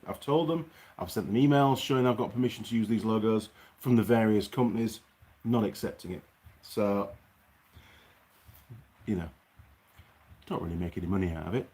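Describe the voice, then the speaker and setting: A man's voice: fairly low pitch, darkish tone. A man hosting a casual livestream from his workshop. He chats, reads out viewer comments and grumbles. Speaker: host.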